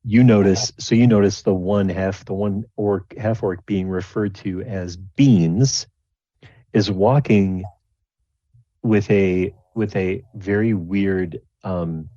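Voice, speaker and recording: A very low-voiced man runs a tabletop game as game master, narrating in a loose, rambling way full of restarts and fillers. The recording is dull and lo-fi in a dry, close space. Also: dark tone, dry recording. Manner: rambling, many restarts and likes.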